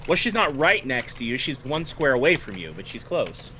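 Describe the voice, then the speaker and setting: A man's voice: medium pitch, sing-song, moderate pace, pushed and bright, slight background noise. A man running a tabletop game as game master, narrating turns in a friendly way and laughing often.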